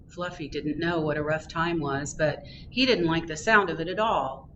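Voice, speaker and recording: A librarian reading a picture book aloud to children at storytime, in an expressive, gently animated voice. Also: female voice, deep voice, a little slow, hardly any pauses, lo-fi sound, noisy background.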